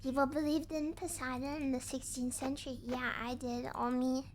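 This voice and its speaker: High-voiced playful woman streamer. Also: level tone, moderate pace, background noise. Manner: playful, goofy, talks back to chat. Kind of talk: casual gaming stream chat.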